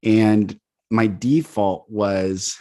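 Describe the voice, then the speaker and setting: Male guest, 30s, video call; lively storyteller, slightly low voice, laughs and acts out quotes. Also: very slow. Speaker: guest, healing coach. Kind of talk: casual conversation.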